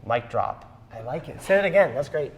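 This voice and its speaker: A man's voice: medium pitch, lively intonation, fairly quick, very noisy. A man teaching a partner dance class, explaining moves and counting the beats aloud. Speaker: dance instructor. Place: dance studio. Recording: long hall reverb.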